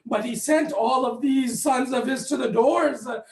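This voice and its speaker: A man with a very high voice preaches a fervent sermon, pressing his listeners with questions and often pushing to a near shout. The sound rings around an echoey congregation hall. His delivery stays urgent and emotional. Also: normal speed, gravelly. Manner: addresses listeners directly with questions. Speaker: speaker at a mourning gathering. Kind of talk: impassioned sermon.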